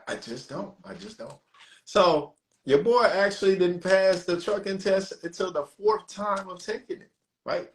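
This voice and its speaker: A man telling a story on a podcast in a casual, animated way, swearing freely and acting out the people he quotes. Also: mid-range voice, slight background noise. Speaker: podcast co-host.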